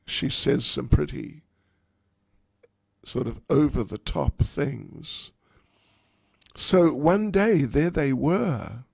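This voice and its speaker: A man, a spiritual teacher, telling a story in a class, animated and wryly humorous. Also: medium pitch, drawn-out words, vocal fry, long pauses, slightly rough, dry recording, studio quality.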